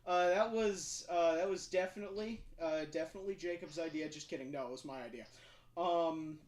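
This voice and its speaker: A man's voice: on the high side, fairly quick, darkish tone. A man hosting a casual livestream, rambling and self-deprecating with lots of fillers. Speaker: livestream host.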